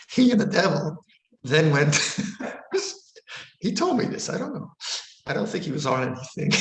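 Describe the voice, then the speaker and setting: A male Buddhist monk giving a dharma talk, telling stories gently and chuckling often. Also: on the high side, creaky. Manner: gentle, amused storyteller who chuckles often. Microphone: online video session. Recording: roomy hall echo.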